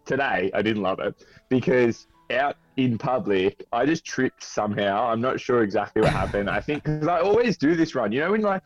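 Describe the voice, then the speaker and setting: A man's voice: medium pitch, expressive, moderate pace, dry recording, lo-fi sound, soft background music. A man with an Australian accent, a podcast guest, telling a self-mocking story with laughs. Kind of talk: casual interview storytelling.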